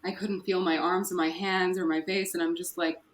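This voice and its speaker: A woman's voice: lowish voice, level tone, normal speed. A woman telling her personal story candidly as a podcast guest, with nervous laughs. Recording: echoey room with faint noise.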